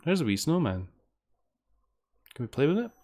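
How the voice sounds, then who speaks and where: A man's voice: on the high side, big pitch swings, moderate pace, darkish tone. A man giving rambling, casual commentary while streaming a game, swearing now and then. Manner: rambling, chatty, swears when frustrated. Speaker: streamer playing fangames.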